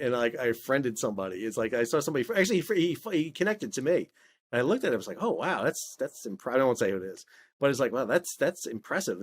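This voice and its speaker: Animated middle-aged man telling stories. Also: medium pitch. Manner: animated, many restarts, acts out quoted dialogue. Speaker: guest, maritime expert and video creator. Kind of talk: casual interview storytelling.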